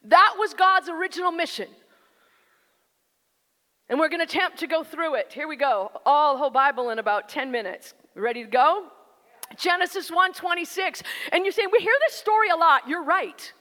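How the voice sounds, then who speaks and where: A woman's voice: high-pitched, moderate pace, pushed and bright. A woman preacher giving a sermon, with conversational, emphatic delivery that speaks directly to the listeners. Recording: long hall reverb.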